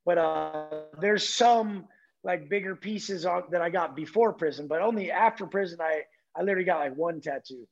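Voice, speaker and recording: A man speaks in a fairly high, husky voice, blunt and profane as he drives home his points. The recording sounds dull and lo-fi. He talks with relentless intensity. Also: moderate pace, soft background music. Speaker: podcast guest. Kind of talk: intense motivational talk.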